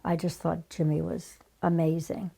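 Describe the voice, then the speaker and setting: A woman in her seventies, a casting director telling lively stories in an interview, with breathy whispered asides. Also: lowish voice, normal speed. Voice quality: gravelly. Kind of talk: anecdotal interview storytelling.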